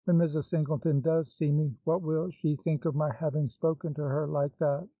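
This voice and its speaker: Give me an earnest, troubled young woman, as a man reads her, in a mellow, slightly high voice. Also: fairly even intonation, moderate pace, no room sound. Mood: worried. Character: gentle, worried young woman. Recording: slightly dull, dry recording.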